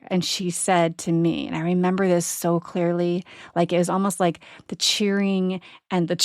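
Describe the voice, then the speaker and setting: A woman's voice: lowish voice, no room sound, studio quality. Earnest woman telling a personal story. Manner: earnest, reflective, frequent "right?" asides and laughs. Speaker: podcast host.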